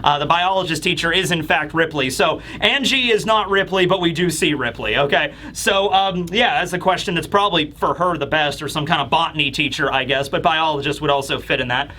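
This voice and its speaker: A man's voice: fairly high pitch, a little fast, hardly any pauses, sharp tone. A man reviewing a comic chapter in a rambling, chatty way. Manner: rambling, chatty, lots of fillers and laughs. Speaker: manga reviewer. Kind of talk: casual commentary.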